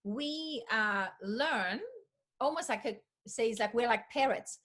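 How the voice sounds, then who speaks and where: An immigrant woman from Poland hosts a lively video-call conversation. Her voice sits high and bright, with a husky, breathy edge. She agrees eagerly and repeats herself often. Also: measured pace. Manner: enthusiastic, repeats agreeing words. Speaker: host.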